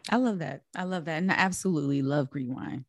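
A woman with a somewhat low voice hosts a relaxed conversation. She responds to her guest with eager agreement and tells her own stories. The recording is dry and close to the mic. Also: gravelly, no echo. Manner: enthusiastic, quick to laugh and agree. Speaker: host. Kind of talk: casual chat.

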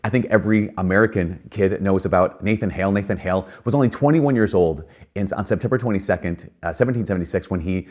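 Earnest man with a lowish voice. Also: quick pace, a little mellow. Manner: earnest, conversational, with frequent fillers and emphatic rises. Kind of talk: reflective spoken talk.

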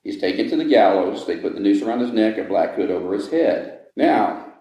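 Male tour guide, low and mellow, dramatic storyteller, very echoey hall. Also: lively intonation, brisk, recorded from a distance. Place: large old building indoors. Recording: echoey room.

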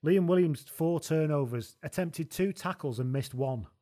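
A man's voice: on the high side, moderate pace, mellow, no room sound, studio quality. A man co-hosting a casual rugby podcast, wry and chatty, reading out match stats. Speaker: podcast co-host. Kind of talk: casual sports chat.

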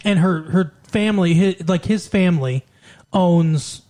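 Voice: medium pitch, unhurried, mellow. A podcast co-host in casual chat, retelling a film's plot at length and acting out the characters' quoted lines. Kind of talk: casual chat recapping a film.

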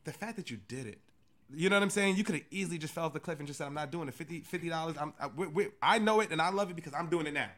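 A man's voice: fairly high pitch, very fast, a bit bright. A man hosting a podcast, enthusiastic and affirming toward his guest. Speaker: podcast host. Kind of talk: casual interview chat.

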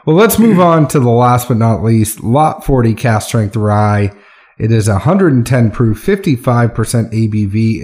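A man's voice: mid-range voice, expressive, unhurried, a little mellow. Chatty man describing whiskey flavors. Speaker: whiskey tasting co-host. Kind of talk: casual tasting chat.

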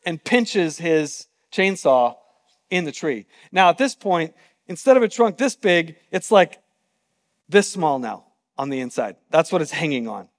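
A man's voice: high voice, big-room sound. A man preaching a sermon, telling a story casually and with animation. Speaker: pastor.

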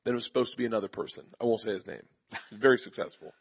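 A man, a comedian guest, telling animated stories in an interview before a live audience, slipping into quick voices of other people. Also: lowish voice, gravelly, husky. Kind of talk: storytelling interview.

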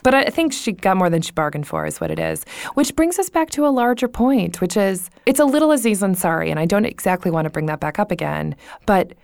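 A woman's voice: medium pitch, sing-song, fairly quick, gravelly, hardly any pauses, a little mellow, no room sound, studio quality. A young adult woman co-hosting a podcast in casual chat, blunt and profane, retelling a story with plenty of laughter. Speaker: podcast co-host.

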